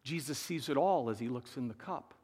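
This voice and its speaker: A man preaching a sermon earnestly, swinging between emphatic passages and hushed, quiet ones. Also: mid-range voice, brisk, slightly rough, in a large hall. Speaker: pastor.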